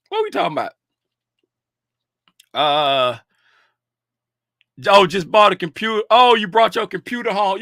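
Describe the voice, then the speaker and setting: A man from Florida hosting a trading livestream, greeting his chat by name in an animated, casual way with bursts of laughter. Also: high-pitched, no room sound, clean studio sound. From Fort Lauderdale, Florida.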